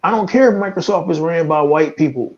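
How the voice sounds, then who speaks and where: A man's voice: a little high, fairly quick, darkish tone, dull audio. A man from the United States hosting a casual podcast, talking in a profane, opinionated way with stammering restarts. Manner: profane, stammering restarts, laughs at his own jokes. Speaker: podcast host.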